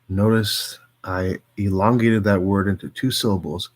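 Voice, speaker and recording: A man's voice: low voice, fairly even intonation, moderate pace, few pauses. A man on a solo stream, reading poems aloud with wry, self-mocking asides that sometimes drop to near-whispers.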